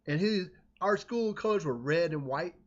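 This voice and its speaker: Man, slightly high voice, rambling and animated anecdote teller, dull lo-fi sound. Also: moderate pace. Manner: rambling, self-interrupting, animated. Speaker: storyteller. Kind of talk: casual anecdote telling. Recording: dull lo-fi recording.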